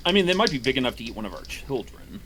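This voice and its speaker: A man's voice: medium pitch, very animated, racing, noisy background. A man in casual livestream chat, rambling and playful, laughing often.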